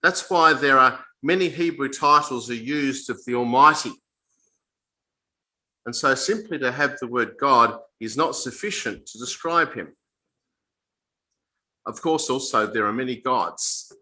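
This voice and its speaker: A man's voice: medium pitch, pushed and bright, low-quality recording. A man giving an informal Bible talk to a small group. He explains in a plain, conversational way, often stopping to repeat and restart his phrases. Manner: halting, repeats and restarts phrases mid-sentence. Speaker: Bible teacher.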